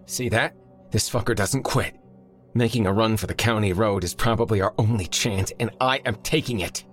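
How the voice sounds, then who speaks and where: A man's voice: fairly low pitch, normal speed, soft background music, pitched above the performer's own voice, lightly acted. A man doing a blunt, commanding tough guy. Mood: snarling. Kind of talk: audiobook character voice.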